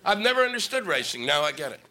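A man's voice: fairly high pitch, big pitch swings, quick pace, bright, forceful tone. Ranting, profane stand-up comic man. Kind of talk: stand-up comedy set. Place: live comedy venue with laughing audience. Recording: live set with audible audience noise.

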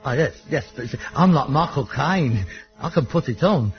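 Actor playing an exasperated indignant son. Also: male voice, mid-range voice, expressive, normal speed, music in the background, close to an everyday voice. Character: exasperated grown son of a rag-and-bone man. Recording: dull lo-fi broadcast audio.

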